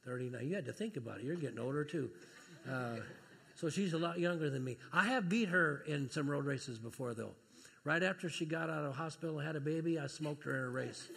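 A man preaching a sermon and telling family stories, talking plainly and then rising to loud, excited preaching. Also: a little high, fairly quick, gravelly, long reverb tail.

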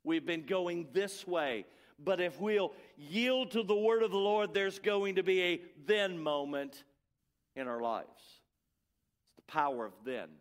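A middle-aged man preaching a sermon as pastor, building emphatic repeated refrains and letting phrases fall away soft and quiet. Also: high-pitched, expressive, measured pace.

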